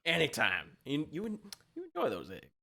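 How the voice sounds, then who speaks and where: A man's voice: fairly high pitch, wildly swooping pitch, brisk, gravelly, bright, forceful tone, heavily acted. A man voicing a portly, friendly male egg-seller with a chummy, wheedling sales manner. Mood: schmoozing.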